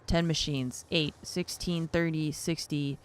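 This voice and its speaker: A woman's voice: sits low, fairly even intonation, unhurried, slight background noise. A young woman streaming a factory-building game, thinking aloud and getting flustered as she juggles numbers, poking fun at herself. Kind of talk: casual gameplay commentary.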